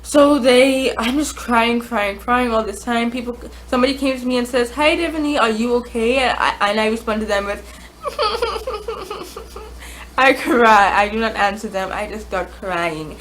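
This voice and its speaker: A woman's voice: fairly high pitch, normal speed, few pauses, a bit bright, slight background noise, poor audio. A woman vlogger telling a casual storytime, chatty, with many fillers and restarts.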